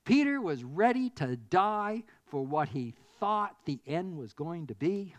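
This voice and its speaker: Earnest preacher with a mid-pitched voice. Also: sing-song, unhurried. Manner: earnest, building to emphatic declarations. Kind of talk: sermon.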